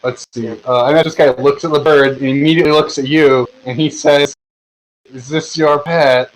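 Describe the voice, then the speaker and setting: A man's voice: medium pitch, steady tone, fairly quick, rough recording. A man narrating a tabletop game as game master over voice chat, with lots of fillers and restarts. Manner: rambling, filler-heavy narration. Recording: online voice chat.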